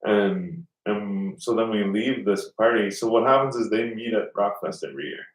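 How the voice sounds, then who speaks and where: Rambling low-voiced man in a roomy space. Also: normal speed. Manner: rambling, swears often, acts out quoted voices. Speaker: podcast host. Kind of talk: casual storytelling chat. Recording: roomy, mic at a distance.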